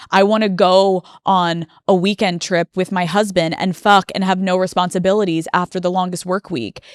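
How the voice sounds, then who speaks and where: A woman's voice: mid-range voice, clear, resonant tone, dry recording. A young woman hosting a solo podcast, talking in an emotional, confessional way and close to tears, recorded on a studio microphone. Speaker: podcast host. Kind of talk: personal solo podcast monologue.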